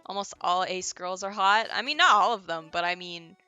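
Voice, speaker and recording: A woman's voice: on the low side, normal speed, sharp tone, smooth, dull audio, soft background music. A woman streaming a game, chatting casually and giggling as she answers chat.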